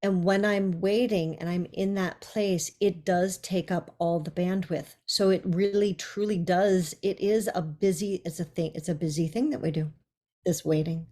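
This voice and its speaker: A woman co-hosting a podcast in easy conversation. Her voice is low and mellow, and she turns ideas over thoughtfully as she talks. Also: steady tone, normal speed. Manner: reflective, musing. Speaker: podcast co-host. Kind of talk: casual conversation.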